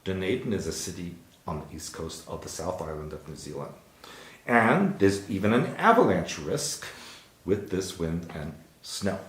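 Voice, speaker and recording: Host: man, lowish voice, lively swings in pitch, chatty and jokey, echoey room. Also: normal speed. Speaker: show host. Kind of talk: casual news chat.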